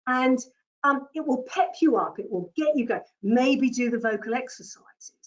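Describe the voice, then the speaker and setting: A woman giving a presentation-skills lesson, speaking deliberately and repeating her key points. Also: sits high, lo-fi sound. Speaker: communication trainer. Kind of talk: presentation skills coaching talk.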